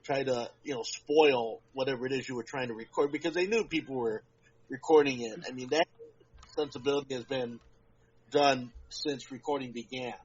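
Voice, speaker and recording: Medium in pitch with a breathy edge, this man co-hosts a podcast in easygoing chat. He keeps talking at length and drives his points home emphatically and slowly, captured in dull lo-fi podcast audio.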